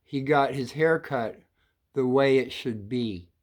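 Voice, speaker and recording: A man's voice: medium pitch, slow, natural voice. An older man quoting his stern Italian grandfather, a barber, in short, blunt, matter-of-fact replies. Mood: curt.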